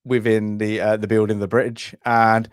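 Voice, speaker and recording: A man's voice: on the low side, flat delivery, normal speed, clean tone, no room sound, studio quality. A man co-hosting a casual film review chat, rambling with many restarts and blunt remarks.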